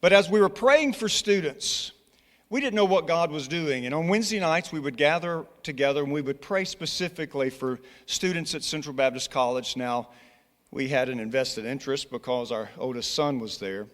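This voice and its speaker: A man's voice: fairly high pitch, moderate pace, fairly bright tone. A man with a Scottish accent, a college's church relations director, earnestly urging a congregation and telling personal stories with frequent restarts. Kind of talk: church presentation with personal story. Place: church sanctuary. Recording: long reverb in a large church hall.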